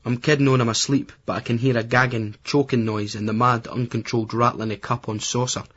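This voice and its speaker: A Scottish man tells the story in a blunt, crude, chatty first-person voice at a middle pitch. The audiobook recording sounds dull and lo-fi. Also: level tone, a little fast, a bit bright. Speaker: audiobook narrator. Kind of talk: first-person novel narration.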